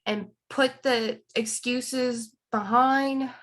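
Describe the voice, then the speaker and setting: A woman's voice: on the high side, steady tone, very slow, fairly bright tone. Earnest motivational woman speaker. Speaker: guest speaker on a team call. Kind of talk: motivational talk.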